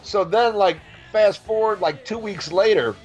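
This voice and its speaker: A man's voice: high voice, a little slow, muffled recording, faint music behind. A man in casual podcast chat, telling a profane story, laughing and stammering as he goes.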